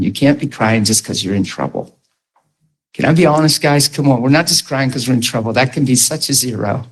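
A man's voice: medium pitch, a little mellow, husky, rough recording. A man preaching an earnest testimony sermon, talking to his audience directly and conversationally.

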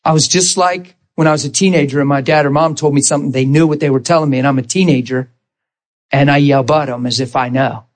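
A man preaching a sermon, telling a personal story with lively, acted-out dialogue and easy self-deprecating humor. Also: on the high side, fast. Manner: animated storytelling, acting out dialogue and laughing at himself.

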